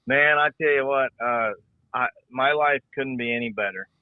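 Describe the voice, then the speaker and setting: On a casual podcast, a middle-aged former rodeo rider and announcer talks in a rambling, folksy way, often repeating his words. His voice is medium-pitched at a moderate pace, on a dry recording over a tinny, phone-like line.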